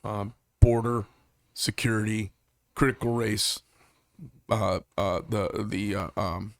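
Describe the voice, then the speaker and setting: A man's voice: fairly low pitch, level tone, slow, dry recording, clean studio sound. A man hosting a casual interview, rambling with many hesitations and blunt, profane remarks. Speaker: podcast host.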